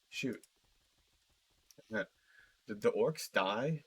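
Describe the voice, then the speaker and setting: A man's voice: fairly low pitch, fairly even intonation, unhurried, a bit bright, no echo. A man ranting casually while playing a game, rambling with lots of fillers and swearing. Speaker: video creator. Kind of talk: casual rant while gaming.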